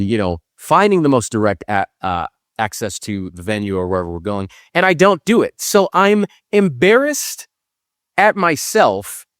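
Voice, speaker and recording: A man's voice: fairly low pitch, no room sound, studio quality. A young man from Milwaukee, a podcast co-host, telling a rambling, self-deprecating story full of acted-out asides. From Milwaukee, Wisconsin. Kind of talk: storytelling monologue.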